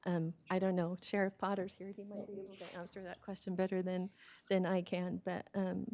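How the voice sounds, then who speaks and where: A woman's voice: lowish voice, fairly quick. A woman with an American accent presenting a prepared report on victim services to a county meeting, speaking earnestly and steadily. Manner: steady and earnest, becoming emotional and hesitant. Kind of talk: reading a prepared report, then answering questions.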